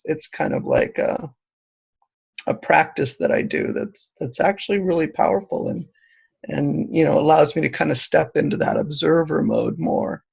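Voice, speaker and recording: A man student sharing in a class discussion, halting with many fillers. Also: a little high, vocal fry, breathy edge. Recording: dull lo-fi recording.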